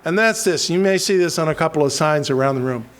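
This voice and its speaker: A man from western Pennsylvania emceeing a political rally, halting with many restarts and self-deprecating jokes. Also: a little high, lively intonation, a bit bright.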